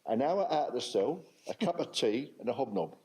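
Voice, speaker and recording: Older london guy, mellow voice, chatty storyteller at a talk, keeps asking the crowd stuff. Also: medium pitch, very animated, a little fast, poor audio. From England. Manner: chatty, asks the audience questions, repeats for emphasis. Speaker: speaker at a public talk. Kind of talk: conversational storytelling to an audience.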